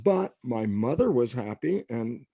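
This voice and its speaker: A man's voice: mid-range voice, unhurried, breathy edge, no room sound. An older man, a scientist guest in a podcast interview, telling stories and acting out the lines of people in them. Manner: animated storyteller, acts out quotes.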